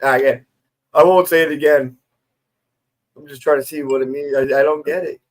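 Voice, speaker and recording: A stoned man rambles and jokes on a video call with a loose, unhurried manner. His voice sits somewhat high for a man. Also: fairly even intonation. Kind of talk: casual chat.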